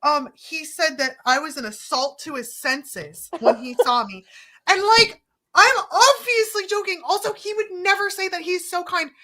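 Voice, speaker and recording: A woman co-hosting a casual podcast chat, telling funny stories with lively, joking energy and acting out both sides of conversations. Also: very high-pitched, unhurried. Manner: animated, joking, acts out dialogue with rising exclamations. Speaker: co-host, therapist.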